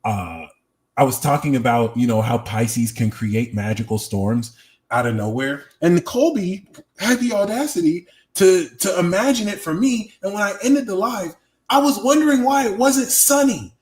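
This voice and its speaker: A young man gives a live-stream tarot reading, answering his chat casually with plenty of swearing and slang. His voice sits high and is expressive and a little mellow, at normal speed.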